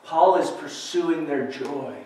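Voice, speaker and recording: Preaching slowly in a church sanctuary, this man has a fairly high voice with a dark tone. As a pastor, he asks earnest questions and reads passages of scripture between his points, all captured from a distance with plenty of echo.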